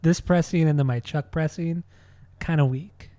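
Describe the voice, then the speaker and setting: A man's voice: fairly high pitch, steady tone, normal speed, warm tone, dry recording. A man co-hosting a podcast in casual music chat, laid-back, swearing and repeating his phrases. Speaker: podcast co-host.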